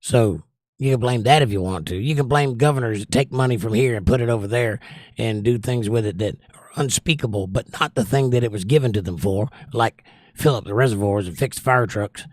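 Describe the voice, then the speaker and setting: A man's voice: mid-range voice, fairly quick, dry recording, clean studio sound. A man hosting a casual livestream, reading out viewer comments and answering them in an opinionated, sarcastic rant. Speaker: livestream host.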